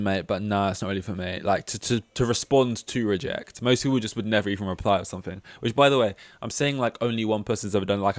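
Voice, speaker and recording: A man's voice: lowish voice, dry recording. A man hosting a casual solo podcast, talking in a rambling, candid and self-deprecating way. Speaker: podcast host.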